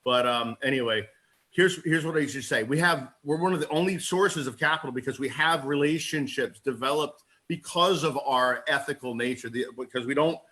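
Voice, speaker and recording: A man talking as a sales agent on a group call, excitable and rambling, quick to laugh and calling himself a goofball. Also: medium pitch. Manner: self-described goofball. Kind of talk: casual call-in chat.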